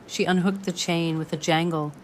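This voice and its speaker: Woman narrator, low voice, measured ornate storytelling, faint background hiss. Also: steady tone. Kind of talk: scripted drama narration.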